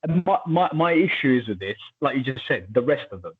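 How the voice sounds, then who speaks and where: Husky man chatting over a tinny line. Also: mid-range voice. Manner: chatty, animated, quick asides. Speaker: podcast co-host. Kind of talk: casual chat.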